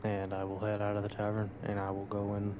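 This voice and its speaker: A man's voice: fairly low pitch, completely flat delivery, fairly quick, highs cut off, noisy background. A man taking part as a player in a tabletop game, talking casually and laid-back.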